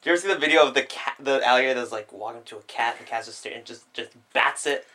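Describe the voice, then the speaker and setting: A man in casual chat, tossing in dry quips and quick asides. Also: medium pitch, sharp tone.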